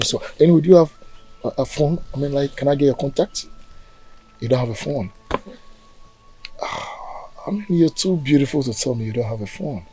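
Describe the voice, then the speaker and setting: Fields: a man playing a smooth-talking Ghanaian flirt. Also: fairly low pitch, darkish tone, lightly acted, low-quality recording. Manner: smooth-talking, reassuring, persistent. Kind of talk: Ghanaian drama acting, mixing Twi and English.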